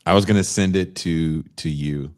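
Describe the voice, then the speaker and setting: A man's voice: sits low, moderate pace. A man co-hosting a podcast in casual chat, joking and teasing. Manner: jokey, slips into mocking put-on voices. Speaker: podcast co-host.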